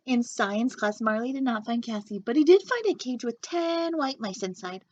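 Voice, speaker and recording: A woman, a children's librarian, reading a picture book aloud with animated, expressive storytelling. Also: fairly high pitch, normal speed. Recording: dull lo-fi sound.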